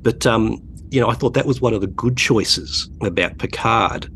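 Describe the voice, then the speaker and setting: An Australian man in his forties talks over a podcast in a fairly low voice. He chats casually and tells stories with dry, blunt asides. A faint hiss of room ambience sits underneath him. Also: moderate pace, a bit bright. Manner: wry, chatty storyteller with blunt asides. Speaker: podcast co-host.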